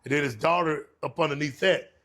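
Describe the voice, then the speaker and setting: A man's voice: on the high side, fairly quick, fairly bright tone. A middle-aged man from Texas with a Texan accent, telling stories as an interview guest in a laid-back way, often saying "man.". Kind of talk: casual interview storytelling.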